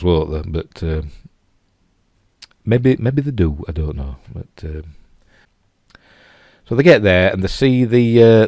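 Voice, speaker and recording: A man's voice: deep voice, a little mellow, no echo, studio quality. A man with a Yorkshire accent reviewing a TV episode in a loose, rambling way, full of "you know" and restarts. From Yorkshire, England. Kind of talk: casual spoken review.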